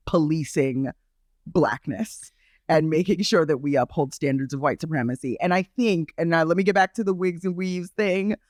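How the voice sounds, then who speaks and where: A man co-hosting a podcast in casual chat, animated and jumping high in pitch for emphasis. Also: no room sound, studio quality. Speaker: podcast co-host.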